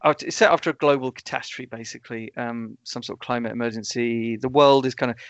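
A man co-hosting a casual film podcast, relaxed and hesitant, with many ums. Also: medium pitch, fast, dry recording. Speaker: podcast co-host. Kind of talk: casual film review chat. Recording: dull lo-fi dry sound.

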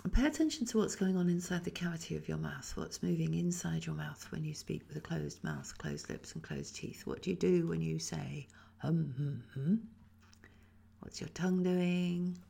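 Husky gravelly woman teaching voice. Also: on the low side, normal speed, hardly any pauses. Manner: calm, instructive, demonstrates sounds. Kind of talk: guided voice exercise.

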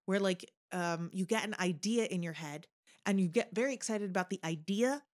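A woman co-hosting a casual film discussion podcast, talking analytically and breaking into high exclamations. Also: moderate pace. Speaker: podcast co-host.

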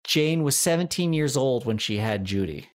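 A man's voice: mid-range voice, normal speed. Man, podcast co-host, casual comedic chat, laughs a lot, storytelling. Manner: animated storyteller, laughs often.

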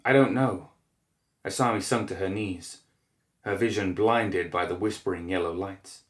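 A man narrating a dark fantasy story in a measured, grave manner, recorded in an echoey room. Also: low-pitched, steady tone.

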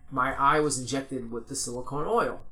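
Bright-voiced young man, rambling chat. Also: medium pitch, normal speed. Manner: rambling, full of "like" and restarts. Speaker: podcast guest. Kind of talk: casual chat.

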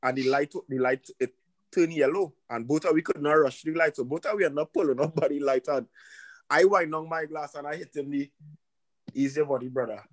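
A man's voice: fairly high pitch, steady tone, a little fast, dry recording. A man co-hosting a podcast, telling a story in casual chat, laughing often and swearing freely. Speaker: podcast co-host.

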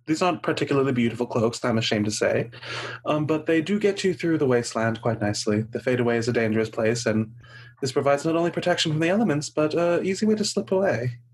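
A man voicing a poised, flirtatious woman wanderer in a cloak, gracious and smooth-spoken. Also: fairly high pitch, fairly quick. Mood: charming.

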